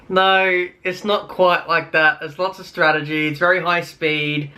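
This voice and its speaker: A man's voice: a little high, flat delivery, measured pace, few pauses, pushed and bright. A young Australian man with an Australian accent ranting casually in a vlog, rambling with many fillers and wry complaints. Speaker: YouTuber.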